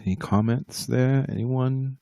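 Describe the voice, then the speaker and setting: A man's voice: medium pitch, fairly even intonation, unhurried, gravelly, mellow, no room sound, clean studio sound. A man hosting a casual live stream from home, rambling and poking fun at himself as he talks straight to his viewers. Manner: rambling, self-mocking, talks straight to the chat. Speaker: livestream host and musician.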